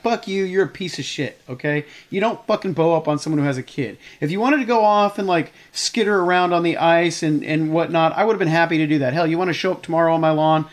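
A man in his thirties telling a heated story in casual chat, swearing often. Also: a little high.

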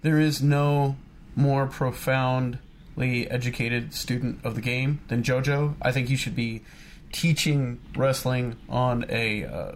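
A man with a mid-range voice, co-hosting a relaxed podcast chat. He speaks in an easygoing, earnest way. Faint room noise hangs in the background. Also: mid-range voice. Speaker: podcast co-host. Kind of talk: casual chat.

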